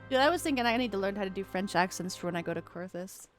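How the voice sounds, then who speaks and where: A woman streamer chatting casually over gameplay in quiet, offhand asides. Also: mid-range voice, animated, fast, faint music behind.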